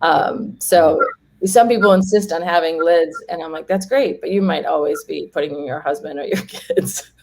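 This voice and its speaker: In a casual interview, a woman who is a home organizing guest chats freely, laughs a lot, and acts out what people said. Her voice is deep and darkish, with vocal fry, and she speaks at a normal speed.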